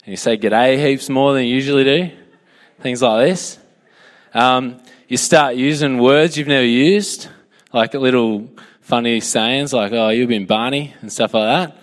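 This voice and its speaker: A man's voice: medium pitch, unhurried, big-room sound. A young Australian man giving a casual, joking sermon to a youth group and asking for a show of hands.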